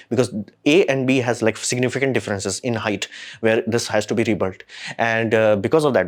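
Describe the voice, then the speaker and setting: A man rants through a casual solo commentary at a middling pitch. His talk is rambling and full of slang, and it keeps spilling into exasperated, animated outbursts. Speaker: host.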